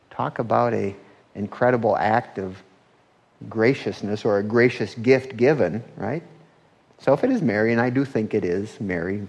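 Conversational male pastor preaching. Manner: conversational, often asks "right?" and rises in pitch when animated. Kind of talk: sermon.

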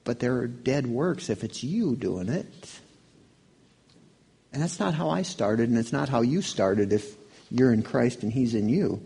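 Gravelly and a little husky, a male pastor's voice swings widely in pitch as he gives a sermon. His delivery is relaxed and conversational, and he asks his listeners questions.

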